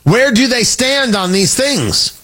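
High-pitched, lively talk radio host man. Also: slow. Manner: animated, emphatic, joking asides. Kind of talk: opinionated talk radio monologue.

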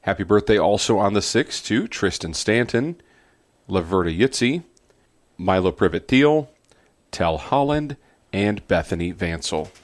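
Deep-voiced man reading a children's story. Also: animated, unhurried, dry recording.

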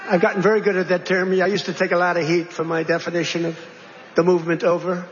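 A politician speaking to a crowd, rambling between topics with repeated phrases, asides and rhetorical questions. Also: male voice, sits high, level tone, fast talker. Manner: digressive, repetitive, conversational asides and rhetorical questions. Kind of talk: rambling campaign-style speech. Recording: dull, reverberant hall recording with faint noise.

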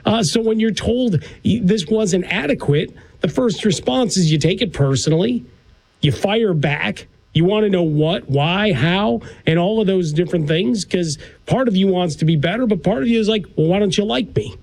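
A man with a high-pitched voice talks sports on the radio, wry and a little rambling as he works through his thoughts. He sounds reflective rather than heated. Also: moderate pace, a little mellow, rough recording. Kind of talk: sports talk radio discussion.

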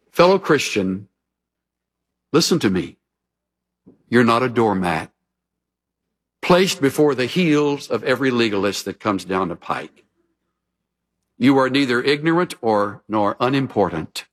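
A man preaching a sermon, telling stories with folksy humor and animated emphasis. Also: mid-range voice, a little slow, pauses often. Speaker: pastor.

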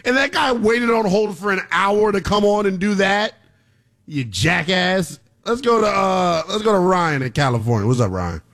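Animated high-voiced male radio host. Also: normal speed, creaky. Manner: animated, laughing, emphatic. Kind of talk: call-in sports talk show.

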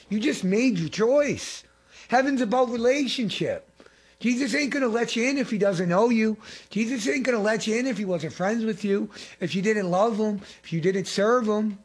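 High-voiced husky fervent preacher man. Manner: fervent, repeats phrases, swings between loud and hushed. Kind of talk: impassioned sermon.

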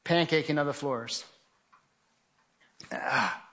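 A middle-aged man giving a dramatic spoken testimony, telling his story vividly and acting out his own shouts. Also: a little high, takes it slowly. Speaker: speaker giving a testimony presentation.

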